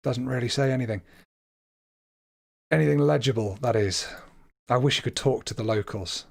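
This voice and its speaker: A man's voice: mid-range voice, moderate pace, vocal fry, darkish tone. Chatty British man streaming a game. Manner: chatty, self-deprecating, laughs often. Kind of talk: casual livestream game commentary.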